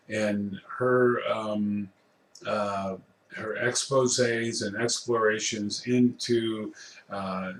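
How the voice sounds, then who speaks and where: A middle-aged man giving a recorded ethics course lecture, speaking slowly with frequent pauses and fillers. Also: lowish voice, roomy sound. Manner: slow, hesitant, many fillers. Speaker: college ethics instructor.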